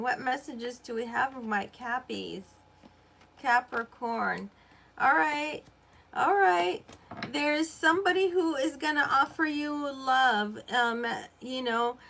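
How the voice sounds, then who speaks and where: A woman's voice: high-pitched, a bit bright, a little hiss or hum. A woman from Iraq, a native Arabic speaker, giving a rambling, chatty live tarot reading and talking straight to her viewers. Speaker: tarot reader.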